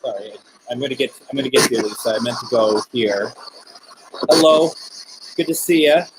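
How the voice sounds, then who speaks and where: A man hosting a live spirit box stream, talking gently with viewers and politely calling on spirits. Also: medium pitch, normal speed, very noisy.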